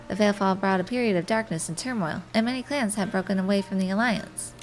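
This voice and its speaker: An earnest young messenger in a fantasy game, speaking formally and with heartfelt devotion to the mission, read aloud by a woman in her own voice. The pitch is middling, and soft game music plays underneath. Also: fast talker, lightly acted.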